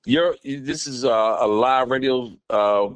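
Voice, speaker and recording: A man's voice: medium pitch, a little slow, dry recording. A man calling in as a radio guest, talking in a laid-back, hesitant way with chuckles. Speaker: interview guest on a call. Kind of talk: casual phone interview. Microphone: phone call.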